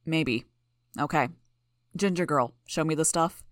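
A woman's voice: sits low, a little slow, no echo, studio quality. A woman voicing a smug, blunt male street medic with a hard-to-place accent that stresses syllables hard, speaking in a clipped, matter-of-fact way. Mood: curt.

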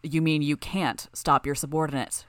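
A woman narrator voicing an utterly calm, sardonic male villain leader. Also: sits low, normal speed, no echo, natural voice.

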